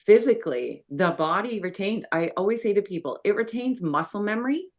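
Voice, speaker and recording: A middle-aged woman hosting a podcast, speaking in a reflective, explanatory way and growing animated when she tells a story. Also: medium pitch, brisk. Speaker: podcast host. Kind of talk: conversational interview.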